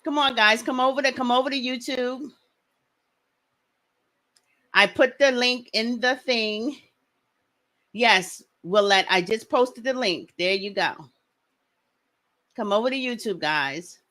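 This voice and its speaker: A woman hosts a casual livestream, speaking quickly and greeting viewers one by one. Her voice is bright and forward. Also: fairly high pitch. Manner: fast-talking, greets viewers by name. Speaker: livestream host.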